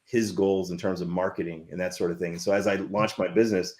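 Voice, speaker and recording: A man in his fifties, a filmmaker guest telling stories in a casual interview, animated and rambling with many restarts. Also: deep voice, a little fast.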